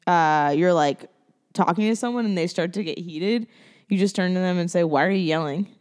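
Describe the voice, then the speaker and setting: A woman's voice: fairly low pitch, moderate pace, darkish tone, smooth. A woman co-hosting a casual podcast, giggly and rambling with lots of fillers, sitting back from the mic. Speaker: podcast co-host. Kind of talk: casual chat. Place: studio with couch. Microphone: sits back from the mic.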